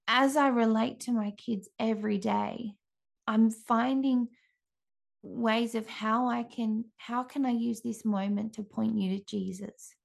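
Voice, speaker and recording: A woman in her thirties, a mother, giving an earnest, gentle devotional talk with frequent restarts. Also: a little high, fairly even intonation, a little slow, gravelly.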